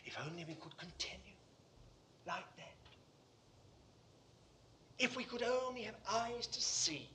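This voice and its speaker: A man preaching a sermon to a congregation in a room, fervent, swinging from hushed asides to loud declarations. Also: high-pitched, animated, a little slow, long pauses, a little hiss or hum.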